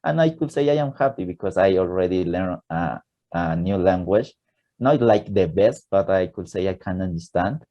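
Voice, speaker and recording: An Ecuadorian man speaks English with a Spanish accent in a casual podcast interview. His voice sits fairly low and sounds mellow and warm. He talks eagerly, laughs often and builds sentences with simple learner grammar. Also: expressive, moderate pace, muffled recording.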